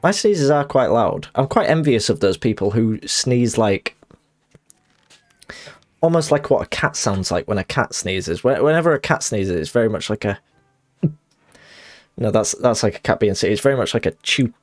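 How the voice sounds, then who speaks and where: A young man chats while he streams a game, rambling and apologetic, and his low voice swings widely in pitch. He laughs at himself as he goes. The recording is dry and close, with faint music playing underneath. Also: animated, moderate pace, pauses often, no echo. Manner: rambling, self-conscious, apologetic, giggly asides.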